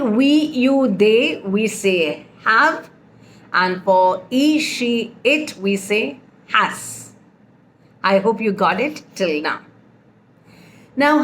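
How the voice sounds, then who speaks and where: A woman's voice: fairly high pitch, fairly bright tone. A woman teaching a grammar lesson, patiently explaining with repeated example sentences. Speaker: English teacher.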